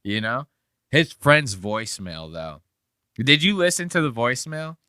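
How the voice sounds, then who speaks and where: Male podcast host, bright dry voice, loose and profane, rambling commentary. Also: medium pitch, big pitch swings, a little slow, smooth, no room sound. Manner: profane, rambling, laughing asides. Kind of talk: casual chat reacting to clips.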